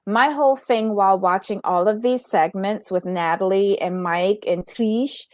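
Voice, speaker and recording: A woman's voice: medium pitch, measured pace, a little mellow, no room sound. A woman in casual podcast commentary, blunt and opinionated, with a mid-range voice. The sound is dry and close, with no room around it. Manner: frank, opinionated, laughs easily. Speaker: podcast co-host.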